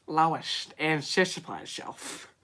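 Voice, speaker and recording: A bumbling cartoon dad, as a man puts him on, pompous and self-satisfied. The words come out mumbled and slurred. It sounds like a quick impression tossed off during a live stream. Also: fairly high pitch, bright, forceful tone, exaggerated voice.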